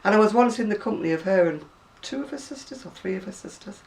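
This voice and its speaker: A woman's voice: medium pitch, lively intonation, quick pace, gravelly, a little mellow. Chatty Lancashire woman in her sixties. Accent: Lancashire, Oldham area, softened by years near Manchester. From Lancashire, England. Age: 60s. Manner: rambling and conversational, with asides and self-corrections. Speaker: home video blogger. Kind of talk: chatty video reply, reading a word list aloud. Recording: voice a little distant from the mic.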